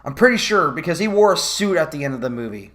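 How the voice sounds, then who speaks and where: A man's voice: a little high, sing-song, fast, fairly bright tone. A man giving a profane, sarcastic commentary rant about a movie, sounding exasperated. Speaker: movie reviewer.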